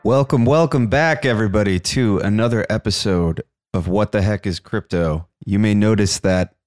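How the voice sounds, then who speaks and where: A male podcast host reading through the news alone in a mildly monotone, self-aware way, at a close mic. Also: lowish voice, normal speed, faint music behind. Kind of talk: solo news rundown podcast.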